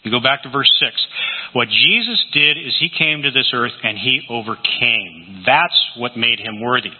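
Man, preacher, sermon, husky voice, phone-like sound, echoing hall. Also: medium pitch, moderate pace. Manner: animated storytelling, acting out scripture quotes. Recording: tinny lo-fi recording in a reverberant hall.

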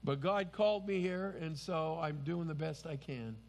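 A man's voice: on the high side, normal speed, creaky, darkish tone, big-room sound. A man preaching a sermon as pastor, earnest and emphatic.

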